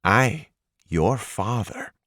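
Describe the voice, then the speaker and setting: A man's voice: mid-range voice, huge pitch swings, takes it slowly, creaky, a bit bright, no echo, studio quality, voice pushed up, exaggerated voice. A man reading an audiobook and voicing a blunt, menacing male kidnapper who delivers cold, curt threats. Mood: threatening.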